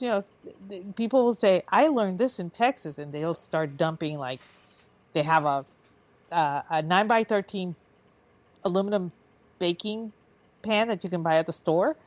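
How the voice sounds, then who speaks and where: A woman with a fairly low voice chats casually as a talk show co-host. She tells stories in a rambling, laughing way. The sound is dry and close. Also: no room sound. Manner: chatty, laughing storyteller. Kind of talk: casual chat.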